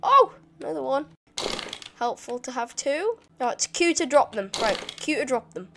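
Girl gamer, high voice, swears a ton, yells at the baddies. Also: moderate pace, gravelly, noisy background. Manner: excitable, swears a lot, yells insults at enemies. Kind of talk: gameplay commentary.

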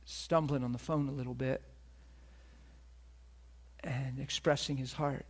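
A man's voice: medium pitch, steady tone, unhurried. A middle-aged man preaching a sermon as a pastor, telling a personal story earnestly and acting out the voices of the people in it.

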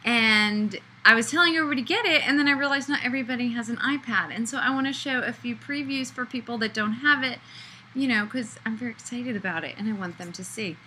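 Gushing, bright-voiced woman author. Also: a little high, fast talker, a little hiss or hum, poor audio. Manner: gushing, breathless enthusiasm. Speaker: children's book author. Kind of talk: casual excited video chat. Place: hotel room.

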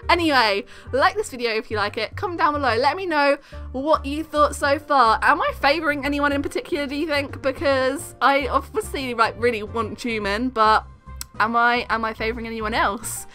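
Young woman gamer host, chatty with ums, bright tone, faint music behind. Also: high voice, moderate pace. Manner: chatty, giggly, lots of ums. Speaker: gaming channel host. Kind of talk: casual game playthrough commentary.

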